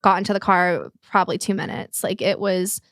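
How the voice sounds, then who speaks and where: Young woman, podcast guest, emotional, halting, lots of fillers, dry close mic. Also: mid-range voice, expressive, a bit bright, no room sound. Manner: candid, halting, filler-heavy, close to tears. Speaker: guest telling her life story. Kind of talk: podcast conversation.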